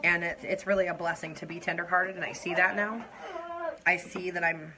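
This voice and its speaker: A young adult woman chatting openly to her viewers as she does her makeup on a live stream, confiding and laughing softly. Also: on the low side, steady tone, a little fast, crowd noise, poor audio. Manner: warm, confiding, breaks into soft laughs. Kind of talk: casual heartfelt chat to viewers while doing makeup.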